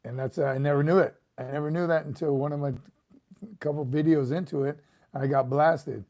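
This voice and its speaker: A man's voice: on the high side, normal speed, pauses often, dark tone. A middle-aged man, a retired sergeant major, casually chatting on a livestream and reading viewer comments, chuckling and repeating words as he goes.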